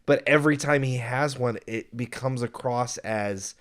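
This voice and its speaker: A man co-hosting a casual film review chat, talking in an animated way and sometimes acting out scenes. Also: mid-range voice, a little slow. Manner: animated, acts out scenes in exaggerated voices. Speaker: podcast co-host reviewing films.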